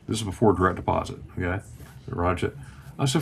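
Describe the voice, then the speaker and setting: A man's voice: low voice, expressive, quick pace, creaky, a little mellow, slight background noise. A man in his fifties from Florida, telling a personal story in a casual chat and acting out the voices of the people in it. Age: 50s. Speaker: guest.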